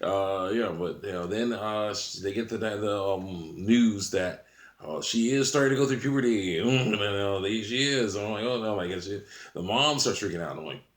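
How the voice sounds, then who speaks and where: A man's voice: fairly low pitch, normal speed. A man talking casually to camera in a rambling way, chuckling often between sentences. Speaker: channel host. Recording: roomy echo.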